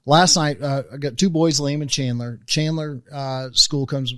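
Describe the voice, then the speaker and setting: A man's voice: medium pitch, steady tone, measured pace, pushed and bright, no echo, clean studio sound. A middle-aged man hosting a parenting podcast, telling a family story in a casual, rambling way with many restarts. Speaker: podcast host.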